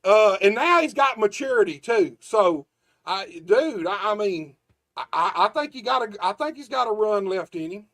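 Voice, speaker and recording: A man's voice: high voice, animated, moderate pace, a bit bright, no room sound, clean studio sound. A man, hosting a casual wrestling podcast chat in a loose, profane, laid-back way. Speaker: podcast host.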